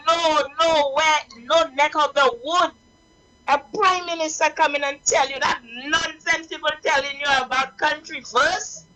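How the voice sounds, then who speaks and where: A woman's voice: high voice, low-quality recording. A woman with a Saint Lucian accent calling in to a radio talk show, impassioned and preachy, repeating her points. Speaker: caller. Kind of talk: radio call-in.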